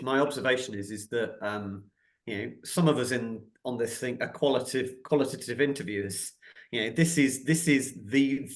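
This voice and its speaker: A man, a qualitative interviewer on a panel, speaking in a measured, thoughtful way on a video call. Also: medium pitch. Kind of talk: casual online Q&A.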